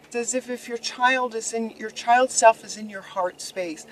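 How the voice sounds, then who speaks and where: A woman giving a spoken tarot reading to her viewers, gentle and encouraging, often repeating key phrases. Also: on the high side, lively intonation, a little slow, a little hiss or hum, rough recording. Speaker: tarot reader.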